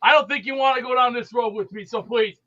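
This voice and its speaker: High tense guy on a dull lo-fi call, gruff fake-annoyed banter. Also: fast, pushed and bright. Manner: gruff, mock-annoyed working-man bluster. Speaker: regular caller. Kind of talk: joking banter on a video call.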